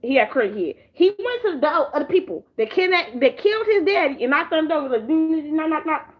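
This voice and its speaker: A woman's voice: high voice, fast talker, highs cut off. A young woman chatting casually about shows she watched, swearing freely and acting out characters. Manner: animated, acts out characters in squeals, swears a lot. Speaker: vlogger reviewing shows. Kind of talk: casual chat, profane storytelling. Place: sitting in a chair at home.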